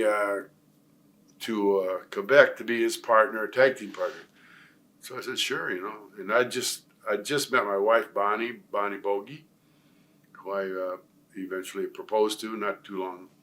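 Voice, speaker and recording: A man's voice: on the low side, fairly even intonation, a little slow, sharp tone. An older man from Nebraska telling long stories in a career interview, rambling with many fillers and restarts. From Nebraska, USA. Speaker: retired pro wrestler, guest.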